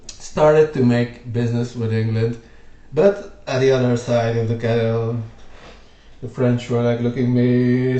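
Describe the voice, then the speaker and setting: Slow-talking man explaining history. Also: medium pitch, level tone, warm tone. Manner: rambling, lots of fillers. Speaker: video host. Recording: roomy echo.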